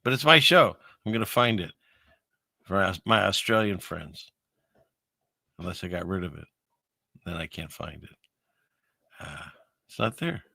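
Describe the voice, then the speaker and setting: Man, host, gravelly, bright forceful tone, wry rambling commentary. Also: low voice, animated, a little slow, long pauses, no echo, studio quality. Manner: rambling, wry, talks to chat. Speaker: show host. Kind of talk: casual commentary on video clips.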